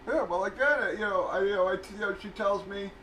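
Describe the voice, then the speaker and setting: Livestream host, man, high voice, profane ranter. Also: quick pace, sharp tone, slight background noise, poor audio. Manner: profane, ranting, venting. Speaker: livestream host running a card break. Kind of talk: casual livestream chat.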